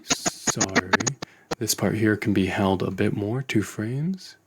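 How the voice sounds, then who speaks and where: A man teaching animation in a screen-recorded tutorial, relaxed and thinking aloud as he works. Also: fairly low pitch, slow, heavy background noise. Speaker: animation instructor.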